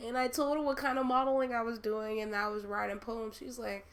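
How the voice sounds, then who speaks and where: A woman's voice: a little high, level tone, fairly quick, hardly any pauses, fairly bright tone. A young woman hosting a personal monologue, heartfelt and rambling with many fillers. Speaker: host.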